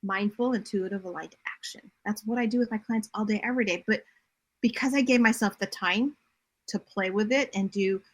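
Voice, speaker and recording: A middle-aged woman talking as a podcast guest, telling her story in a direct, animated way. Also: mid-range voice, brisk. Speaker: podcast guest, bodymind coach and writer. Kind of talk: casual interview chat.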